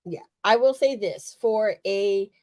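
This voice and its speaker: A woman's voice: medium pitch, takes it slowly, darkish tone, no room sound. A woman from the US West Coast co-hosting a casual wrestling podcast, emphatic, profane and fired-up. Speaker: podcast co-host.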